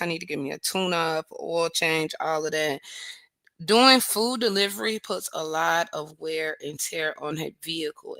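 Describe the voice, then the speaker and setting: A woman's voice: low voice, pushed and bright, dry recording. A woman hosting a casual livestream, greeting viewers by name and praising God often. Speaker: livestream host.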